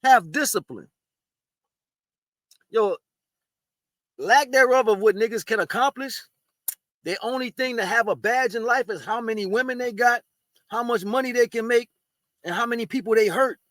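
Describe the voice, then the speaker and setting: Man, high voice, dry close sound, streetwise preachy monologue, blunt. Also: normal speed, pauses often, a bit bright, no room sound. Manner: eating while talking. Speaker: spiritual video host. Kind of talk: casual spiritual monologue.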